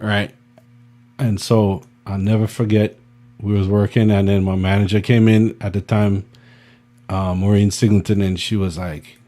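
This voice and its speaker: A man working as a music producer, telling a studio anecdote as a guest, animated and full of restarts and fillers. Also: fairly low pitch, moderate pace. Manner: animated, acts out quotes, many restarts and fillers. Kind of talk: storytelling anecdote.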